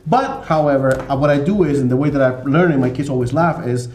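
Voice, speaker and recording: A man co-hosting a podcast in casual chat, animated and acting out little scenes. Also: medium pitch, quick pace, reverberant. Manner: animated, acts out voices in his stories. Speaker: podcast co-host.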